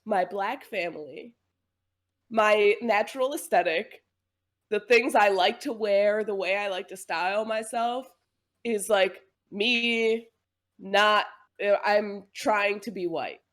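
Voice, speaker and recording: A woman co-hosting a casual podcast chat, relaxed and reflective, with frequent "like" and soft laughs. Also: mid-range voice, takes it slowly. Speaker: podcast co-host.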